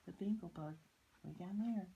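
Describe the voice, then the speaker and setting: An older woman reading a picture book aloud to children, pausing to point out the pictures. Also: lowish voice, creaky, slightly rough, dull audio. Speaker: storyteller.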